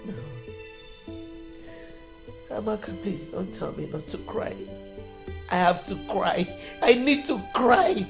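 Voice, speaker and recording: A woman's voice: medium pitch, lively intonation, slow, vocal fry, pauses often. An actress with a Nigerian accent playing a middle-aged mother who weeps and pleads over her lost son. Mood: grief-stricken. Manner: sobbing, pleading, repeating herself. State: crying. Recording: film music behind.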